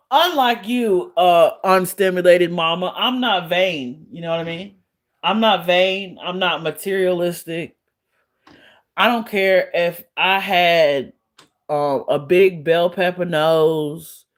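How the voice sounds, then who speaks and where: A woman live streamer with a fairly low voice chats casually with her viewers. She's blunt and profane, often breaking into laughter as she answers trolls.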